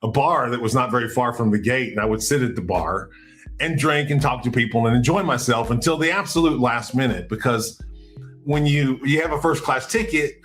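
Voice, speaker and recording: 陽気に話を語る男性ポッドキャストホスト、背景にかすかな音楽. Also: male voice, brisk, soft background music. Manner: animated, acts out quotes with big pitch jumps. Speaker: podcast host. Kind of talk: casual storytelling.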